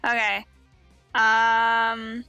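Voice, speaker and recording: Slow, hesitant woman player. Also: on the high side, monotone, bright, forceful tone, clear, resonant tone, no echo, dull audio, soft background music. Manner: hesitant, thinking aloud. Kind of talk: casual tabletop play.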